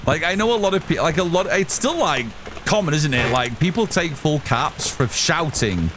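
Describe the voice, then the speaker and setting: A loud, excitable man chats casually with his live-stream audience while gaming, swearing freely. His voice sits on the high side at a normal speed, with a noisy background behind him.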